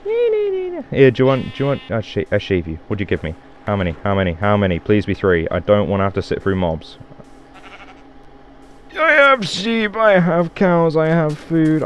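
A man's voice: low-pitched, a little mellow, a little hiss or hum. A man giving casual, rambling gameplay commentary, joking and swearing as he plays. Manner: rambling, jokey, swears and exclaims. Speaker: Minecraft let's player.

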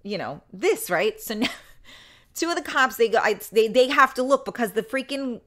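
A woman's voice: fairly high pitch, lively intonation, normal speed, fairly bright tone. A woman hosting a live solo talk show, telling a story in a chatty, blunt way, swearing freely and laughing often.

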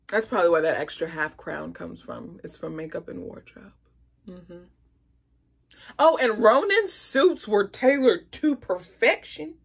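A woman talks through a movie review in a loose, chatty vlog style, full of expressive asides. She speaks slowly and lets her words stretch out. Her voice has a gravelly, fry-touched edge. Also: mid-range voice.

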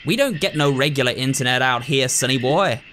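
A man voicing a gruff, bossy anteater woman doctor who talks in a drawling country way. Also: mid-range voice, brisk, fairly bright tone, slight background noise, close to an everyday voice, low-quality recording.

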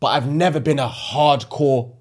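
A young man, co-hosting a casual podcast, backing his friend up and telling a story with lively emphasis. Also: mid-range voice, moderate pace. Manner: supportive listener, lively storytelling. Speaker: podcast co-host. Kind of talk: casual chat.

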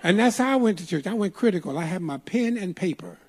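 A man's voice: high-pitched, lively intonation, fast talker, slight background noise. An older man preaching a sermon in a church, telling a folksy story with emphatic, playful delivery. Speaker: pastor. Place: church sanctuary.

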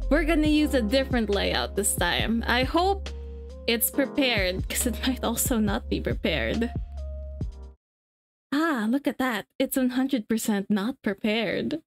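Giggly, slow-talking woman streamer. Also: a little high, very animated, over music. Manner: rambling, giggly, restarts and trails off while fiddling with settings. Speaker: live streamer. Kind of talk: casual live-stream chat with viewers.

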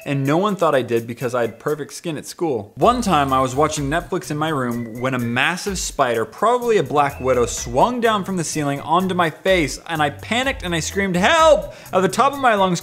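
A young man reads viewer comments aloud in a fairly high voice, animated and leaping up in pitch whenever a story turns silly. Faint music plays underneath him. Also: brisk, few pauses. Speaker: YouTuber reading viewer comments.

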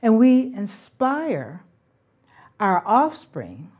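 A middle-aged woman hosting a talk on parenting, speaking in an earnest, reflective and spiritual way, with soft laughs now and then. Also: fairly high pitch, wildly swooping pitch, very slow, breathy edge, lo-fi sound.

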